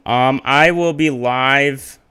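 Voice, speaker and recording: A male streamer narrates a story in a loose, chatty way and restarts lines when he trips over them. His voice is bright and forward. He sits at a mid pitch for a man. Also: slow pace, clean tone. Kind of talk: casual live-stream narration.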